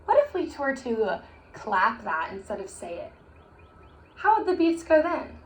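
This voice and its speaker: A woman's voice: fairly high pitch, very animated, normal speed. A young woman teaching a recorded music lesson to children, chanting rhymes in an encouraging, sing-song voice. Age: young adult. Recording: echoey room with faint hiss.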